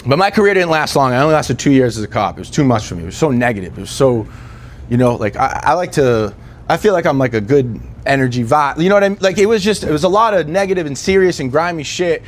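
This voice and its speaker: A young man on a comedy stage, telling his stories with a lively, swooping delivery that sits a bit high for a man. He rambles and restarts casually, then jumps up into squeaky voices to act out the people in them. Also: quick pace. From East Coast of the US. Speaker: stand-up comedian. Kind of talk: stand-up set.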